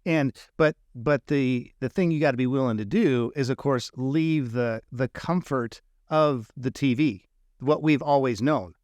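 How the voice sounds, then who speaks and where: Male podcast host, mid-pitch, meandering questioner, dry close sound. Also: measured pace, a little mellow, no echo. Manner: asks rambling, searching questions with restarts. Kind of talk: conversational interview.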